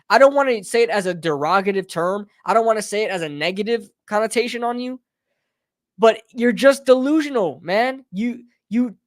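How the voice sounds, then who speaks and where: Heated fan ranting, dry close sound. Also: male voice, extremely high pitch, no room sound. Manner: heated, repetitive, calls listeners bro and brother. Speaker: sports talk streamer. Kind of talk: live fan rant.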